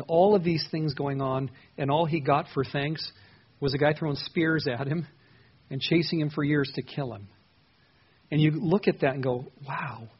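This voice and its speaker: A man's voice: on the high side, breathy edge. A man preaching an expository sermon in a conversational, earnest way, asking his listeners questions as he teaches. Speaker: pastor. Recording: dull lo-fi sound.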